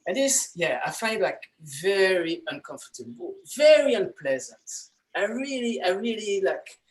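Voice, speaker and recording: A man with a French accent doing a stand-up set over a video call. His pitch jumps around a lot and his delivery is playful and self-deprecating, with halting restarts. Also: very animated, rough recording. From France. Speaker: comedy workshop student. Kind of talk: stand-up comedy.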